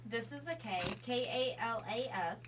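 A woman's voice: on the high side, normal speed, background noise. A woman co-hosting a podcast, summarizing a story's plot in a giggly, casual way. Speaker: podcast co-host. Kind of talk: casual banter.

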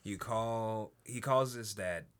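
A man's voice: lowish voice, slow. A man co-hosting a podcast, joking and rambling through explanations in casual chat. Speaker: podcast co-host.

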